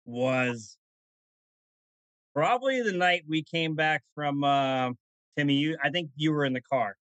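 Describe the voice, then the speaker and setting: A man's voice: fairly high pitch, animated, a little slow, fairly bright tone, no echo, low-quality recording. Man telling stories on a dry mic. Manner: rambling, self-correcting storyteller. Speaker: podcast co-host. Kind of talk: casual storytelling chat.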